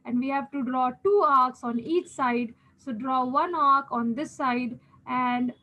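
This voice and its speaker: A woman's voice: high voice, measured pace, sharp tone, rough recording. A woman with an Indian English accent, teaching a geometry lesson step by step, patiently repeating key steps and checking in with her students. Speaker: maths teacher.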